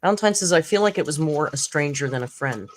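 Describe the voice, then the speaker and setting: This YouTube commentary host, a woman whose voice sits low, runs a casual live-stream chat at a quick, expressive clip over slight background noise. Her storytelling is chatty, full of laughs, and she performs what others said.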